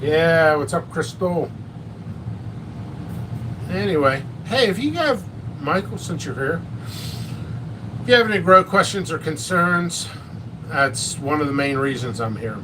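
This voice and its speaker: A man's voice: on the high side, big pitch swings, measured pace, pauses often, distant mic, background noise. A man hosting a casual live stream about peppers and hot sauce, rambling and joking at his own expense. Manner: rambling, joking, self-mocking.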